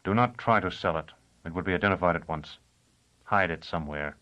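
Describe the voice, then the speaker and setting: A man reading an audiobook, voicing a cautious, calculating male conspirator who speaks low and deliberately. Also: sharp tone. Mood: guarded.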